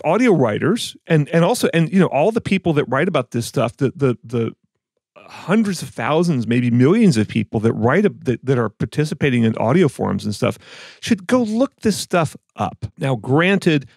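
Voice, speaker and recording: A man's voice: mid-range voice, sing-song, moderate pace, creaky, darkish tone, dry recording, studio quality. A man co-hosting an audio podcast, casually and skeptically picking apart claims, rambling with restarts. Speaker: podcast co-host, audio reviewer. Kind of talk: casual chat.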